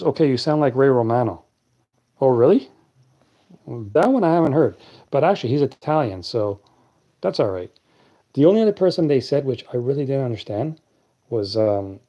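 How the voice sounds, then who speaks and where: A man hosting a late-night live stream, chatting casually and answering viewers' comments in a deep, clear voice. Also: mellow, muffled recording.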